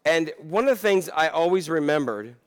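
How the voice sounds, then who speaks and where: A man's voice: a little high, lively intonation, moderate pace. A middle-aged man preaching a sermon in a conversational, reflective way, with asides and restarts. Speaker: pastor.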